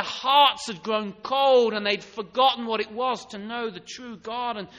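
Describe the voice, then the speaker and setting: A man delivers a sermon in a church, his voice sitting high for a man and sounding bright and forceful. He swings between loud, pressing emphasis and quiet, close asides. A long hall reverb trails behind every phrase. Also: fairly even intonation, measured pace, dull audio. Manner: emphatic, rising and falling between loud urging and soft intimacy. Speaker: preacher.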